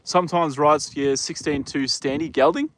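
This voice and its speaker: A man's voice: a little high, steady tone, moderate pace. Give me a young man chatting casually on a livestream from a horse paddock, rambling, swearing lightly and talking to his horse between stories. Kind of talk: casual live chat.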